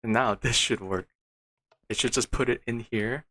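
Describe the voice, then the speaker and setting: A man's voice: medium pitch, fairly even intonation, normal speed, sharp tone, dry recording. A man streaming a game, muttering to himself with frustrated, disbelieving outbursts. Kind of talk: casual gameplay commentary.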